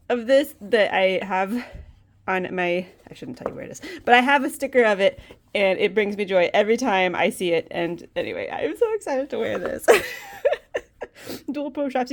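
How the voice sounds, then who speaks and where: A woman chatting casually as she unboxes purchases, giddy and excitable, breaking into laughs and squeals. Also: fairly high pitch. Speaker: card artist unboxing purchases. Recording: noisy with crinkling packaging.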